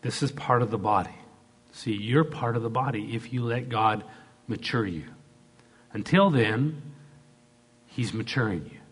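A man's voice: mid-range voice, unhurried, pauses often, breathy edge. A middle-aged man, a pastor, preaching an emphatic sermon and leading the congregation in call-and-response.

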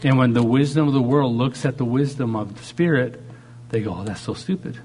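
A man's voice: mid-range voice, brisk, a little mellow, a little hiss or hum. A man preaching a sermon, shifting dramatically in tone and acting out the voices he quotes. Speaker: pastor.

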